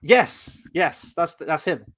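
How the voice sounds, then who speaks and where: Male host, rambling and playful, slightly raised pitch, dry close sound. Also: animated, takes it slowly, fairly bright tone, no echo. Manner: rambling, playful, lots of asides. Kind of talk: casual review chat.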